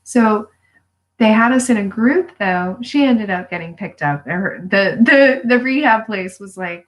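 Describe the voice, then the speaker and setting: A woman streaming a live video from home, recorded on a phone or webcam. She talks at a middling pitch with blunt, swear-filled candor and lively emphasis. She tells her stories casually and stops to urge her viewers on. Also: measured pace, rough recording. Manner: blunt, profane and animated, laughing often; emphatic pep-talk delivery. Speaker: vlogger.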